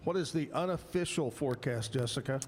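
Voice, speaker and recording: A man's voice: mid-range voice, brisk, darkish tone, in a large hall. A man hosting a radio show, chatting casually, telling stories and introducing segments and sponsors. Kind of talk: casual radio chat and storytelling.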